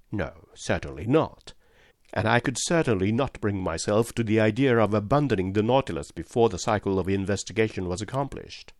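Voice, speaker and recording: Measured male audiobook narrator. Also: lowish voice, no room sound, clean studio sound. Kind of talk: scripted narration.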